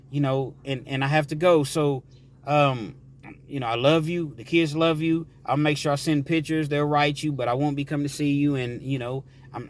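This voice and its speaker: A man's voice: a little high, slight background noise, lightly acted. A man voicing a weary young wife who is leaving her jailed husband, apologetic and complaining. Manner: apologetic then exasperated, complaining.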